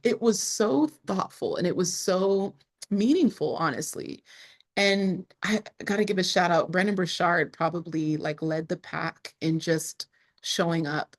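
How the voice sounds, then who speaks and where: A woman being interviewed, telling her story in a casual, expressive way with lots of fillers, sometimes close to tears. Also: lowish voice, measured pace. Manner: expressive, frequent "like" fillers, rises sharply when excited. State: emotional, near tears at times. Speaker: entrepreneur guest.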